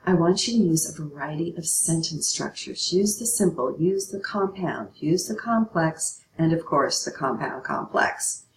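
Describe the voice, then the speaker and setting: A woman's voice: low voice, expressive, a little slow, hardly any pauses, roomy sound, a little hiss or hum, low-quality recording. A middle-aged woman teaching a writing lesson, patient and checking in often with her students. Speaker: English teacher.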